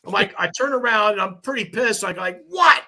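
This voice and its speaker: A man in his fifties, a firefighter lieutenant, telling animated, swearing stories on a podcast. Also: high-pitched, brisk. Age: 50s. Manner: animated, laughing, swearing storyteller. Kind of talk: casual storytelling.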